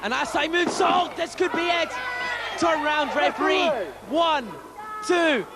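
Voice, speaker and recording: A man giving excited wrestling play-by-play commentary, shouting and going hoarse. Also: very high voice, unhurried, background noise. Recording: loud crowd and music behind.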